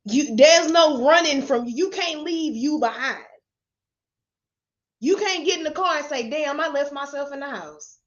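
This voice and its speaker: Unfiltered motivational lady cussing and laughing on a live, kinda high voice, muffled stream sound. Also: lively intonation, unhurried. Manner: blunt, profane, laughs often. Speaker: motivational speaker. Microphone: webcam or phone camera.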